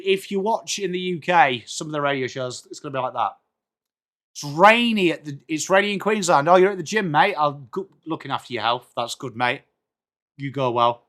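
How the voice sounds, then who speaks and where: English guy on a live footy stream, greeting chat, jokey, voice a bit on the high side. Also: a bit bright. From England. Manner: chatty, jokey, greets viewers by name. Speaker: streamer hosting a football watchalong. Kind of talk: casual live-stream chat reading out viewer comments.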